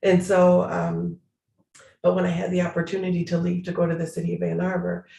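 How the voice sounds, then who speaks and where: A man's voice: high voice, monotone, a little fast, vocal fry, warm tone, echoey room. A man, a city prosecutor, talking earnestly and emphatically in an interview over a video call, repeating phrases for stress.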